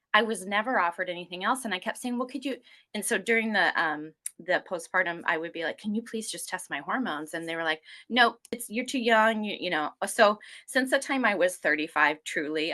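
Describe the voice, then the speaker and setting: Speaking a bit fast in a fairly low voice, a woman in her forties rambles through her health story during a casual interview. She's animated and performs the words of the people she quotes.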